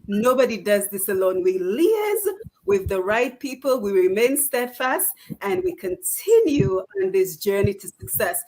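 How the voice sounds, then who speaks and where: A woman's voice: mid-range voice, darkish tone. A woman giving a formal, inspirational congratulatory speech in an oratorical manner.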